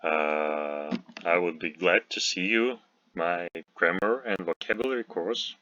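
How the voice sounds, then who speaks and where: A man teaching a recorded language lesson, speaking carefully with frequent pauses, fillers and restarts. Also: deep voice, pushed and bright, highs cut off.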